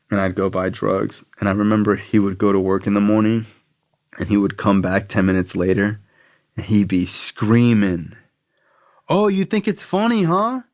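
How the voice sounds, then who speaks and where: A young man, a podcast guest, telling a blunt, profane story about his past in a casual way. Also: on the low side.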